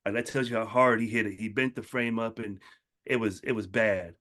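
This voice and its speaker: A man giving a casual motivational talk, telling personal stories and acting out the people in them with lively changes of voice. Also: on the low side, fairly quick. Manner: storytelling, acts out quotes in animated voices. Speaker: motivational speaker.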